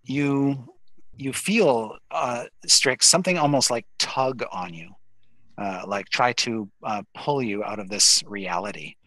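A man narrating a tabletop game as dungeon master, halting with many fillers. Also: mid-range voice, bright, forceful tone, dry recording, rough recording.

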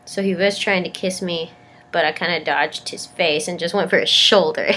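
A young woman chats to the camera in a casual vlog, rambling and stammering as she pokes fun at herself. Her voice sits a little low and sounds sick and congested. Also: steady tone, moderate pace, sharp tone, a little hiss or hum. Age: young adult. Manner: rambling, self-deprecating, stammers. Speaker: vlogger.

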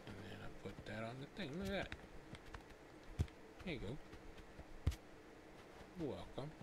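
A man's voice: medium pitch, sing-song, unhurried, gravelly. A man streaming a game, with playful casual commentary, chatting to viewers and muttering asides to himself. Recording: noisy stream recording.

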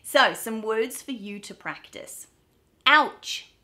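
A young Australian woman teaching pronunciation, drawing out vowel sounds slowly and clearly as she demonstrates them. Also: mid-range voice, lively intonation, a bit bright. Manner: slow, drawn-out demonstration of sounds. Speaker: accent coach. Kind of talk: pronunciation lesson to camera.

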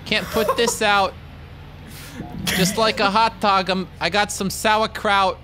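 Goofy high-voiced gamer guy. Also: flat delivery, slow pace, background noise. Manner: goofy, narrates his own driving. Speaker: gamer driving the bus. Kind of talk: let's-play commentary.

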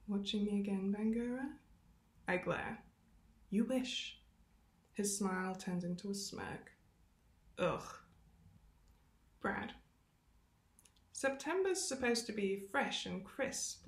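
Woman, novel reading, expressive, mid pitch, roomy echo. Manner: expressive, with self-aware asides. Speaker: reader.

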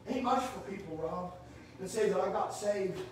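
High-voiced preacher, echoey church. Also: male voice, normal speed, slight background noise. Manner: preaches with rising shouts and sudden drops to a low voice. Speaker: pastor. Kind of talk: sermon. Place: church sanctuary. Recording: echoey church room from far off.

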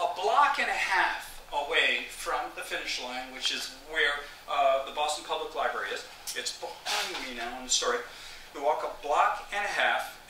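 A man's voice: high voice, sharp tone, slight background noise. A man giving a keynote talk, telling a personal story animatedly, often stammering and restarting, acting out the voices of others. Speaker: keynote speaker. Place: large library hall. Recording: echoey hall from far off.

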